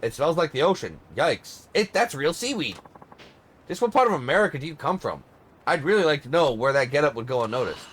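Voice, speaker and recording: A man's voice: on the high side, very animated, a little fast, fairly bright tone, a little hiss or hum. A blunt male tour guide, read by a man in his own voice, tossing out dry, sarcastic remarks. His delivery stays wry and plainspoken.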